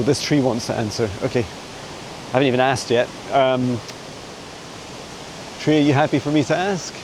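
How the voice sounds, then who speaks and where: Man, mid pitch, rambling casual vlogger, handheld phone outdoors, faint water noise behind. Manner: chatty and meandering, with frequent soft laughs. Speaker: psychic mentor answering viewer questions. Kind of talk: casual walking vlog. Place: forest outdoors. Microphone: handheld phone camera while walking a dog.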